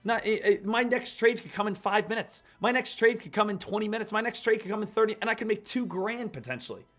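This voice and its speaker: Male trading-stream host, higher-pitched, pumped-up coaching patter, soft music behind. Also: quick pace. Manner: upbeat, repetitive hype, addresses viewers as guys and traders. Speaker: day-trading livestream host. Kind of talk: live market commentary and coaching.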